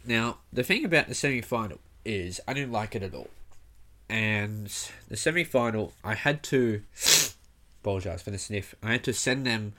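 A young comedian with a fairly low voice tells his story in a relaxed, rambling way. He swears freely and fills his pauses with "uh" and "um". He has the easy pace of a casual monologue. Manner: rambling, swears often, frequent fillers.

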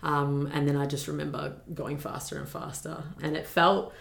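Low, gravelly woman telling her story. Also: flat delivery, normal speed, roomy sound. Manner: earnest, reflective, with many fillers. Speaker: podcast guest. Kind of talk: personal storytelling.

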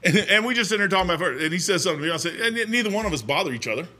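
A middle-aged man delivers a sermon in a folksy, storytelling manner. His voice sits high and sounds bright and sharp. He drops into quiet asides, then builds to loud, pressing appeals. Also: animated, very fast. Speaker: pastor.

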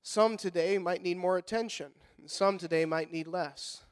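A middle-aged pastor preaching a sermon in a folksy manner, rising to loud fervent passages and dropping to quiet, soft-spoken stretches. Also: male voice, sits high, normal speed, clear, resonant tone. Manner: folksy, repeats words when fired up.

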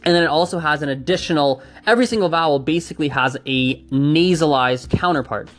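A man's voice: on the high side, fairly quick, a bit bright, soft background music. A man casually explaining pronunciation facts, chatty and hedging, trying out sounds aloud as he goes. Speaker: language enthusiast explaining pronunciation.

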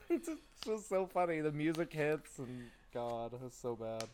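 A young man co-hosting a podcast in casual chat, retelling scenes in an animated way and saying "dude" all the time. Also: fairly high pitch, a little slow, slight background noise. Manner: animated storyteller, calls everyone dude. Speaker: podcast co-host.

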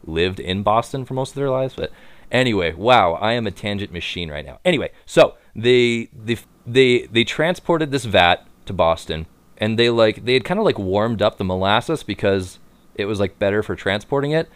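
Animated man telling a story. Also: fairly low pitch, normal speed, clear, resonant tone, no room sound. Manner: animated storytelling, lots of fillers and laughs. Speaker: podcast co-host. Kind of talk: casual chat.

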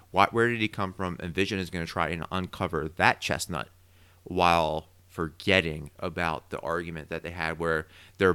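A man co-hosting a podcast, casually recapping a TV episode with opinionated, animated theorizing. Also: low-pitched, smooth, no room sound. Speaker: podcast co-host.

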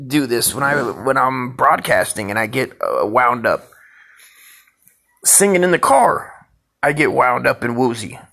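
A man riffs through crude reaction commentary in a loose, profane way. His voice is raspy and gravelly, and his pitch jumps around a lot as he gets wound up. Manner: loose, profane, animated, laughing asides. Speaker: stream host reacting to a clip.

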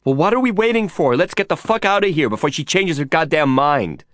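A man's voice: fairly high pitch, lively intonation, a little fast, fairly bright tone, no echo, clean studio sound, voice pushed up. A man voicing a crude, impatient, foul-mouthed young woman in an audiobook, in a raised, brash, snarling voice. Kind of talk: audiobook character voice.

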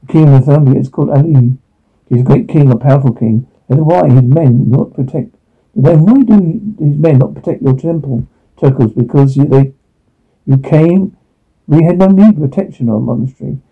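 Gravelly, husky man reading over a tinny line. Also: mid-range voice. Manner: halting, with frequent restarts and stumbles. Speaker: reader voicing all parts of a TV drama with captions. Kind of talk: reading dialogue and sound captions aloud. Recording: tinny phone-like recording.

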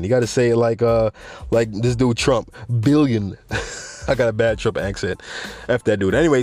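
A man hosting his own podcast, rambling in a loose, friendly way with lots of fillers and shout-outs to his listeners. His voice sits at a middling pitch, and faint music plays softly behind him. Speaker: podcast host. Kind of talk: casual solo podcast talk.

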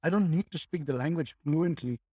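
A man's voice: fairly high pitch, brisk, a little mellow, breathy edge, no echo, clean studio sound. A man from India in casual conversation, thinking aloud and leaning on "like" and "right?" a lot.

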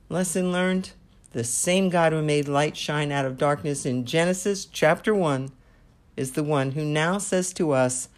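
A woman hosting a devotional podcast, telling a story and drawing a faith lesson from it. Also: deep voice. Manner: slow and deliberate.

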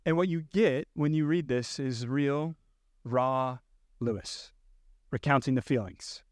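A man's voice: medium pitch, measured pace, dry recording, studio quality. A male pastor preaching a sermon, earnestly reading quoted passages aloud. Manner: earnest, reads quotes with rising intensity.

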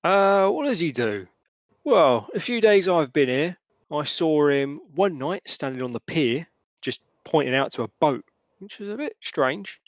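A man's voice: on the high side, very animated, measured pace, no echo, highs cut off, voice pushed up. A man voicing Hamish, a shifty, pipe-smoking hooded fence at the docks, speaking in a sly, knowing way.

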